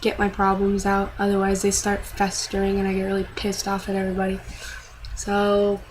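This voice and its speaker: A woman's voice: mid-range voice, completely flat delivery, moderate pace, background noise. Rambling, foul-mouthed young woman vlogger. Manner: rambling, profane, self-deprecating. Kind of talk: casual venting vlog.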